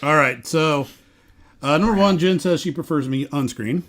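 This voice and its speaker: A man co-hosting a live podcast off screen, reading the chat with a playful, animated delivery. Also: fairly high pitch, normal speed, a little hiss or hum. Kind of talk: casual live-show chat.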